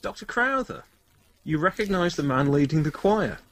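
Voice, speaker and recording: A man's voice: on the high side, lively intonation, moderate pace, a bit bright, rough recording. A man narrating a tabletop role-playing game as game master, hesitant and rambling, joking about his own limits. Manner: rambling, hesitant, self-deprecating.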